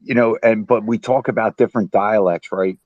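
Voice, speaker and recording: Animated lower-voiced man, dry sound. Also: brisk, no room sound, lo-fi sound. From US East Coast. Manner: animated, repeats himself, lots of "right?". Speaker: participant in an online audio space. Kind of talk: casual chat.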